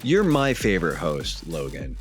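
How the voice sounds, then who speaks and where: A man's voice: deep voice, huge pitch swings, moderate pace, soft background music. A young man co-hosting a podcast in laid-back chat, full of "like" and gamer slang. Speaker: podcast co-host.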